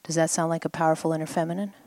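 A woman with a fairly low voice leads a guided healing exercise before a group at a live event. She coaxes and prompts, repeating short phrases for her listener to echo back. The sound is close and dry, with little room around it. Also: little pitch movement, very fast, darkish tone. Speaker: healing coach.

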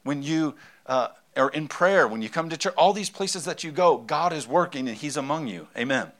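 A man's voice: fairly high pitch, expressive, normal speed, fairly bright tone. Conversational male pastor preaching. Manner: conversational, emphatic, repeats key phrases. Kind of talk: sermon.

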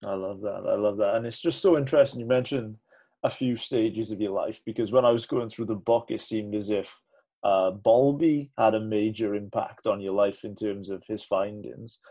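A man's voice: lowish voice, steady tone, normal speed, dark tone. A man interviewing an author, enthusiastic and thinking aloud as he frames his questions.

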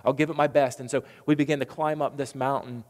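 A man preaching a sermon, telling a story earnestly and building up to forceful proclamations. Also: mid-range voice, fairly even intonation, quick pace, long reverb tail.

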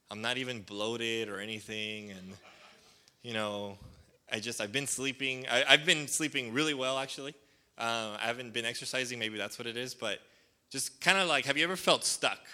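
A male pastor with a medium-pitched, pushed, bright voice delivers a casual, conversational sermon. He rambles, packing in fillers like "like" and "um," and calls for responses from the congregation.

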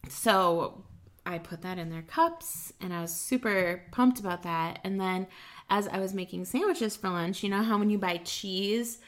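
A woman's voice: medium pitch, a little slow. A woman in her thirties co-hosting a podcast, chatting casually at her home kitchen table and telling stories with plenty of fillers. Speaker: podcast co-host. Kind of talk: casual chat.

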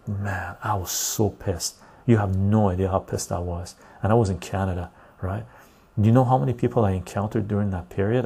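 A low-pitched man with a dark, rough, fry-edged voice hosts a casual talk show. He tells stories and rants bluntly, often tagging his points with "right?". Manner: blunt, ranting, loose storytelling with frequent "right?". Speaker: podcast host.

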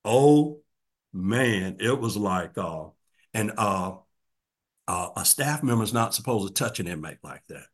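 Older guy with a lowish voice telling his story on a podcast, earnest, goes soft and quiet a lot. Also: lively intonation, a little slow. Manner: earnest and reflective, often drops to a soft, quiet voice. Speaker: guest, formerly incarcerated man. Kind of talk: candid interview storytelling.

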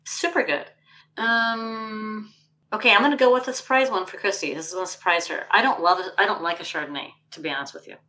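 A woman's voice: medium pitch, fast, sharp tone, rough recording. A woman co-hosting a podcast in casual chat, talkative and full of fillers like "um" and "like". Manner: chatty, lots of fillers like "um" and "like". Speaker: podcast co-host.

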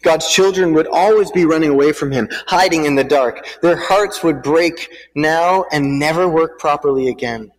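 Man preaching in a reverberant hall. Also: a little high. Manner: halting, repeats words, then reads aloud. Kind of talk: sermon with storybook reading.

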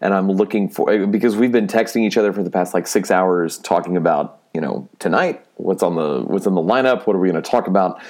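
A man hosting a casual podcast, upbeat and rambling in quick bursts. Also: low voice, darkish tone. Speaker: podcast host.

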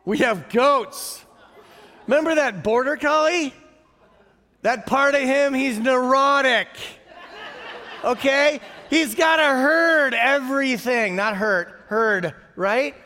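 A middle-aged man preaching a sermon, telling stories in a lively way, chuckling often and asking the audience questions. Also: very high-pitched, slow pace, long pauses. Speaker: pastor. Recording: reverberant hall.

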